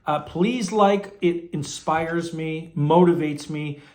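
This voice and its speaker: A man vlogging in a casual, rambling, enthusiastic way, tired with his voice going hoarse. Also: on the high side, slow, roomy sound. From Canada. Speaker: pipe tobacco vlogger. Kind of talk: casual vlog chat.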